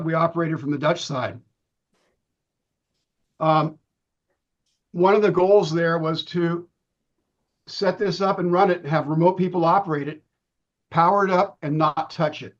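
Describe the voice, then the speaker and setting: A middle-aged man losing his voice, giving a relaxed presentation with many ums and restarts over a video call. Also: on the high side. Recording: dull lo-fi video-call audio.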